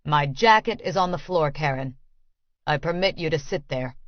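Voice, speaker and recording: A woman voicing a cold, controlling man who speaks in a flat, even tone. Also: deep voice, normal speed, no echo, dull audio, pitched below the performer's own voice. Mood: cold, commanding. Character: cold commanding man posing as a master.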